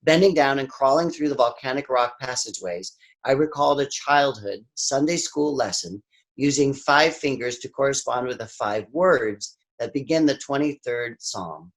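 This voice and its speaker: A man reading and praying at a spiritual service in a calm, reflective, unhurried way. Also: medium pitch. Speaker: service reader.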